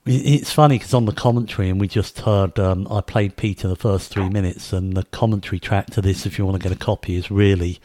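A man's voice: sits low, fairly even intonation, fast talker, hardly any pauses, mellow, no echo, studio quality. A man hosting a podcast, talking in a rambling way with many fillers and restarts. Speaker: podcast host. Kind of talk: casual podcast chat.

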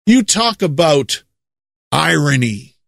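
A man from the United States preaching a monologue, leaning hard on drawn-out stresses and repeating words for effect. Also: on the high side, big pitch swings, vocal fry, a bit bright, no room sound, studio quality.

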